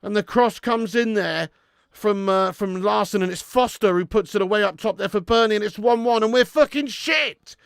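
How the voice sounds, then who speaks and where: Excitable sweary football streamer. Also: male voice, high voice, moderate pace, smooth, dry recording, clean studio sound. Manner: excitable, sweary, shouts at the screen; reads out and answers viewer chat. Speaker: watch-along streamer host. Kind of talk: live football watch-along commentary.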